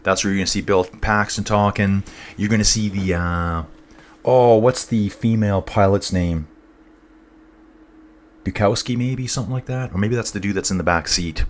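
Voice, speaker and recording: A man's voice: fairly low pitch, moderate pace, slight background noise. Chatty, rambling man on a live stream. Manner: chatty and rambling, talks to viewers as "guys" and "dude". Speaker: cycling race commentator. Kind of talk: casual live-stream commentary, chatting with viewers.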